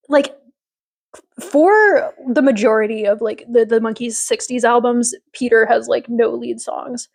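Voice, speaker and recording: Chatty higher-voiced woman podcast host. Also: fairly even intonation, unhurried, gravelly. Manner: opinionated, rambling, lots of fillers. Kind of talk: casual chat recapping a TV episode.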